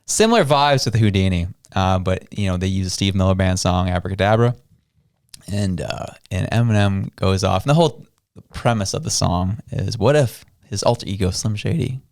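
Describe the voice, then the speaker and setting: A man with a low, gravelly voice chats in a laid-back, slangy way on a podcast. The recording is close and dry, with no room echo. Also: normal speed, darkish tone. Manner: laid-back, slangy, says dude a lot. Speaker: podcast co-host. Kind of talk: casual chat.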